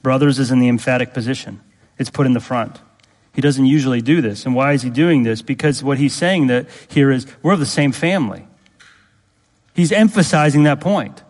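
A man preaching with earnest emphasis, circling back to repeat his points and pressing his listeners with direct questions. His voice sits at an ordinary middle pitch. It rings out with a long reverb, as in a church sanctuary. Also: fairly quick, a little mellow. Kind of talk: sermon.

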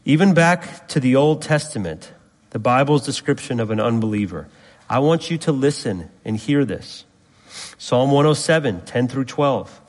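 A man's voice: medium pitch, expressive, moderate pace. A man preaching an expository sermon, building to emphatic rising repetitions and asking the congregation to fill in words. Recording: long reverb of a hall.

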